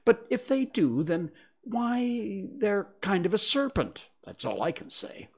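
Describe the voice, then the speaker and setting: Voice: sing-song, slow, vocal fry, husky, full character voice. A reader voicing a frantic mother pigeon who shrieks, sobs and scoffs, in a storybook reading. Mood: contemptuous. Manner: shrill outbursts, then sobbing and scornful.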